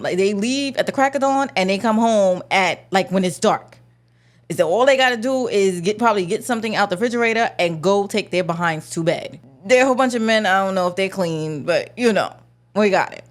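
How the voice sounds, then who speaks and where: A young adult woman ranting casually about a movie, sarcastic and slangy, mocking the characters in exaggerated voices. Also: on the high side. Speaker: movie reviewer. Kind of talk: casual vlog rant.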